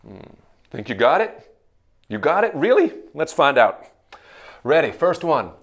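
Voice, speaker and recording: A man's voice: mid-range voice, very animated, fairly bright tone. A man teaching English pronunciation like a drill sergeant, barking commands and drilling words one at a time. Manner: barked commands, slow drilled word lists.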